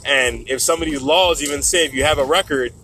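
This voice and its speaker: A man's voice: a little high, a little fast, sharp tone, faint music behind. Casual young man hosting a podcast. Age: young adult. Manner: casual, conversational, rambling with asides. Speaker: podcast host. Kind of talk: solo podcast monologue.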